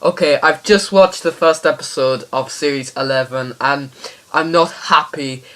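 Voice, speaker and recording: A man's voice: fairly high pitch, moderate pace, sharp tone. A man doing an impression of a fretful former TV star in a comedy phone call sketch, fussy and indignant. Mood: pleading. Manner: fussy, indignant, rambling complaints.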